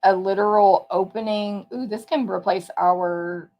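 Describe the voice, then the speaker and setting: The sound is lo-fi as a woman with a mid-range voice talks at a measured pace with fairly even intonation. She's giving a casual, chatty live tour of papercraft products, thinking aloud and correcting herself as she goes.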